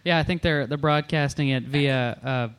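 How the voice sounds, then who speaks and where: A man's voice: a little high, moderate pace, a little hiss or hum. A young man co-hosting a casual podcast chat, making dry joking asides. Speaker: podcast co-host.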